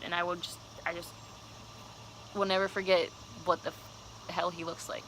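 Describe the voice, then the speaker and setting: A woman's voice: on the low side, level tone, moderate pace, a bit bright, slight background noise, rough recording. A young woman telling a personal story on her vlog, casual, candid and cursing freely. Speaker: vlogger.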